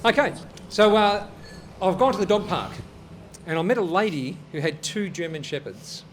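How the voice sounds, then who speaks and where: A man with a high-pitched voice hosts a comedy show and tells jokes in an easygoing, hesitant way. A faint hiss of noise sits behind him. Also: lively intonation, moderate pace. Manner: easygoing, hesitant storyteller with filler words. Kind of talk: casual joke telling and show hosting. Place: on stage.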